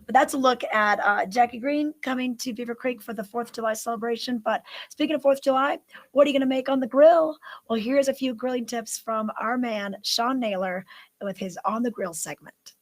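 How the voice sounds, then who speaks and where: A woman's voice: a little high, a little fast, low-quality recording. A woman hosting a live morning news show, chatting upbeat and running through local events with plenty of fillers. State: out of breath.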